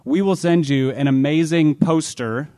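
A man's voice: fairly high pitch, measured pace, dark tone. Wry, wordy man cracking dry jokes. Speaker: podcast co-host. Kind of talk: live podcast banter.

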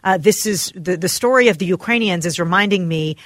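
A woman's voice: fairly low pitch, fairly quick, no room sound, studio quality. A woman co-hosting a talk radio show, speaking in an emotional, effusive way. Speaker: radio co-host.

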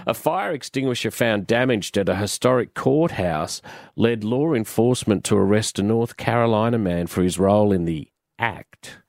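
A man's voice: fairly low pitch, moderate pace, creaky, a little mellow, no echo, studio quality. A man hosting a radio show, joking and chatting with callers and co-hosts. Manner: wry, joking. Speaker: radio host. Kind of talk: casual radio banter.

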